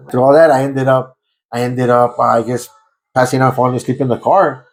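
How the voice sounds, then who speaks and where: A man's voice: mid-range voice, steady tone, a little fast, creaky, low-quality recording. A man telling his life story in an interview, emotional and repetitive, slipping into phrases. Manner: emotional, repetitive, switches into Spanish. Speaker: interviewee giving testimony. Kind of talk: conversational personal testimony.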